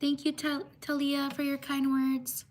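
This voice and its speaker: A woman hosting a casual livestream, giving slow, unhurried shout-outs and apologizing for mispronouncing names. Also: high voice, monotone, a little hiss or hum. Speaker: livestream host.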